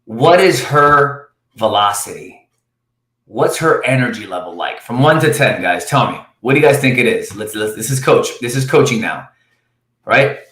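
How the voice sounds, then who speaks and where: A man coaching cold calling live from his office, talking with high energy. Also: lively intonation, normal speed, a bit bright, reverberant. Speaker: sales coach.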